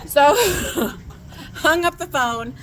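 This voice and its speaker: Animated woman telling a story. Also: high-pitched, drawn-out words, low-quality recording. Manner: animated, laughing, shouting quoted lines. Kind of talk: casual storytime vlog. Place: outdoors on a ranch.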